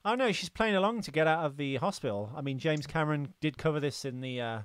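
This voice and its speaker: A man's voice: on the high side, lively intonation, fast, clear, resonant tone, dry recording. A man co-hosting a podcast, chatting casually with crude jokes. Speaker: podcast co-host. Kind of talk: casual banter.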